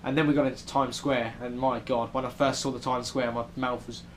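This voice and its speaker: A man's voice: mid-range voice, level tone, a little fast, slight background noise. A young man with a British accent, chatting casually in a travel vlog with lots of ums. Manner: chatty, many ums, rambling. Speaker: vlogger. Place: hotel room in New York City.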